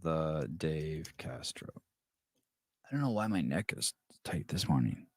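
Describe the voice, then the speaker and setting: A middle-aged man hosts a casual podcast in a low, deep voice. He jokes crudely and swears freely, and he slips into voiced quotes as he tells stories. The sound is dry and close, with no room echo. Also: measured pace. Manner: profane, joking, animated storytelling with voiced quotes. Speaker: podcast host.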